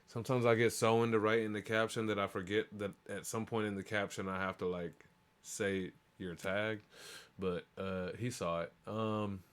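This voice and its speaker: A man's voice: lowish voice, level tone, normal speed, smooth. A man hosting a live stream, chatting in a loose, rambling, profane and hyped way. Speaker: livestream show host. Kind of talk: casual live-stream chat.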